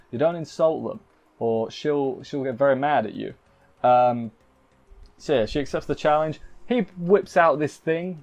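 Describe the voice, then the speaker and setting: A man's voice: mid-range voice, darkish tone. A man giving a rambling, jokey live recap of an anime episode, often poking fun at himself. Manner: rambling, jokey, self-deprecating. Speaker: anime reviewer.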